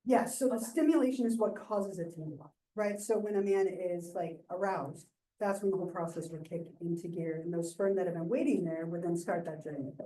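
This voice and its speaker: Chatty, mellow-voiced woman teacher. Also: on the low side, brisk, slight background noise, poor audio. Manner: chatty, full of fillers and asides, laughs often. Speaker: psychology instructor. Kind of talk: casual classroom lecture. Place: classroom.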